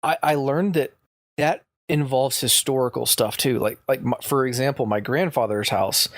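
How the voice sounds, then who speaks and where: A man's voice: medium pitch, normal speed, dry recording. Eager casual man, dry close voice. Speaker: podcast co-host. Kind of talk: casual chat.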